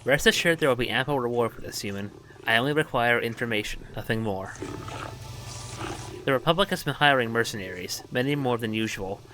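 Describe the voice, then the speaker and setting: A man's voice: mid-range voice, fairly quick, noisy background, close to an everyday voice. A man reading the lines of a formal, worried male alien official in his own voice. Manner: formal, earnest.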